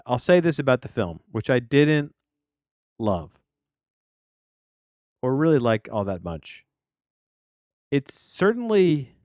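A man's voice: on the low side, clear, resonant tone, no room sound. A middle-aged man hosting a solo movie review podcast from his home office studio, rambling off on jokey tangents. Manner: digressive, jokey, trailing off into tangents.

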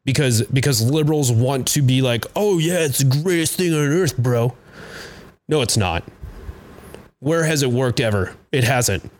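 Profane, rambling podcast host. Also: male voice, medium pitch. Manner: loose, profane and halting, with many fillers and restarts. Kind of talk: profane political rant.

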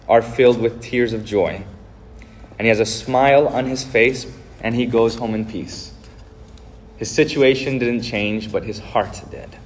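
A man's voice: medium pitch, a little hiss or hum. A male pastor giving a sermon, speaking earnestly and directly to his congregation.

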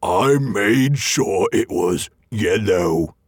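A man voicing a slow, gruff, half-blinded male troll in a storybook reading, with a heavy drawl. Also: fairly low pitch, lively intonation, no echo, studio quality, heavily acted. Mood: grumbling.

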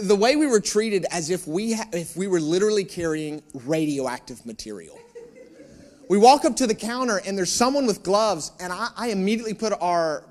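A man preaching a sermon, telling a personal story and acting out the dialogue with humor, asking the audience questions. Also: high voice. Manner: animated storyteller, acts out dialogue; joking, addresses audience with questions.

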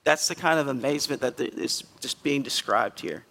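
A male pastor giving a conversational sermon in a church, earnest and emphatic, with sudden loud bursts. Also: mid-range voice, normal speed, long reverb tail. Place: church sanctuary.

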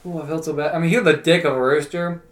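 A man's voice: on the high side, fairly even intonation, rapid-fire. Laid-back man in casual chat. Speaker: podcast guest.

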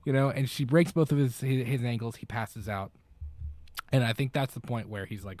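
A man's voice: medium pitch, normal speed, a little mellow. A man co-hosting a podcast, retelling a film in a casual, rambling way with lots of fillers and restarts. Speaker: podcast co-host. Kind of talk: casual chat recapping a film.

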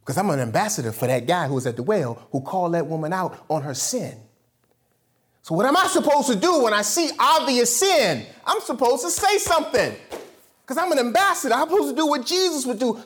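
Addressing his congregation, this husky-voiced preacher moves between loud, high outbursts and quiet, low murmurs.

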